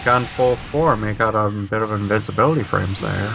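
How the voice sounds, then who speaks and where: A man's voice: lowish voice, brisk, creaky, over music. A man co-commenting on video game matches, hesitant with lots of fillers and dry joking asides.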